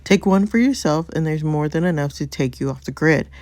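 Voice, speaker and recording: A woman's voice: low-pitched, brisk, a little mellow, no room sound, lightly acted. Woman voicing a blunt scheming young husband, plain read-aloud game lines, dry close sound. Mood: determined. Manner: plain reading, little voice change. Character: scheming young married man, protective and blunt. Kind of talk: reading story game dialogue aloud.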